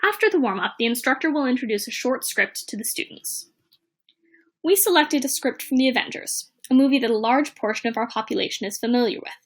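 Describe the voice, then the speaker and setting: A woman presenting a teaching plan in a measured, read-aloud narration. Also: fairly high pitch, animated.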